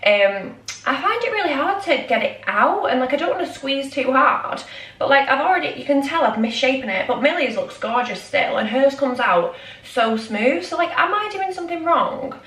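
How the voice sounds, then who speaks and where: A woman's voice: high voice, very animated, normal speed, a bit bright. A young woman chatting in a casual vlog, rambling and scattered with lots of ums, shaky and out of breath. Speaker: vlogger. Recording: echoey room, mic at a distance.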